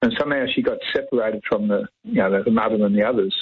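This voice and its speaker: A man's voice: lowish voice, fast, husky. An Australian man calling in to a radio show, rambling on and talking over the host. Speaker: caller. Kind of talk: phone-in radio chat. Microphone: telephone. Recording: tinny phone line.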